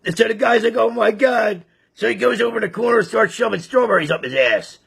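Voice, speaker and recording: A man tells a crude joke in a rambling, casual way, with a high, very gravelly voice. His tone is bright and tense, with a raspy, rough edge. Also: lively intonation, fast. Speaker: joke teller. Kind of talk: casual storytelling.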